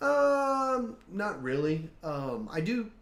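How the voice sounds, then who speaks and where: A fairly high-voiced man hosts a casual live-stream, his pitch leaping around as he restarts thoughts and piles on fillers. The sound is roomy and echoey. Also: takes it slowly. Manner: animated, trailing restarts and fillers. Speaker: host.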